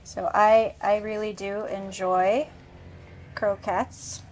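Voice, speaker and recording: A woman's voice: mid-range voice, little pitch movement, slow pace, a little mellow, a little hiss or hum, low-quality recording. A woman in her thirties hosting a cooking show, chatting casually and enthusiastically while tasting dishes. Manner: enthusiastic, tasting food on camera.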